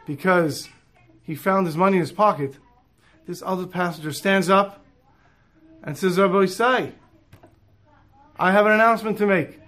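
A man telling a moral story in an animated way, dropping in Hebrew and Yiddish terms. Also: sits high.

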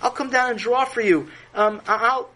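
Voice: medium pitch, moderate pace, pushed and bright, a little hiss or hum, pitched above the performer's own voice, natural voice, poor audio. A storyteller voicing Sammy, a clumsy, well-meaning boy who apologizes eagerly. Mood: apologetic. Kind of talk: storytelling with character voices.

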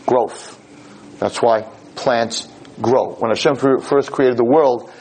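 A man giving a podcast Torah class in an animated way. He stumbles over repeated words as he builds each point and acts out parents and kids in quick asides. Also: medium pitch, husky. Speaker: Torah lecturer.

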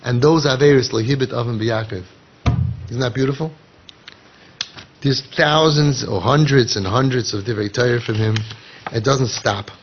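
A man giving an animated Torah lecture in English, mixing in Hebrew and Yiddish phrases and acting out people's inner voices. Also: mid-range voice, moderate pace, long pauses, noisy background. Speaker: rabbi. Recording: dull lo-fi podcast audio.

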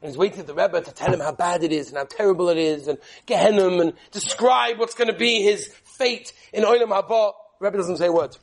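A man teaching a Torah class as an animated sermon, mixing in Hebrew and Yiddish terms and quizzing his listeners. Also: high voice, a little fast, few pauses.

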